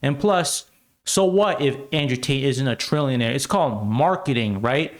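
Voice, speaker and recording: A man's voice: medium pitch, expressive, normal speed. An American man hosting an opinionated commentary show, talking emphatically with rhetorical asides.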